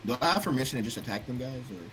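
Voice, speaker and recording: A man's voice: medium pitch, lively intonation, racing, a bit bright, a little hiss or hum, rough recording. A man playing a tabletop game over voice chat, asking hesitant questions with restarts. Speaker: player.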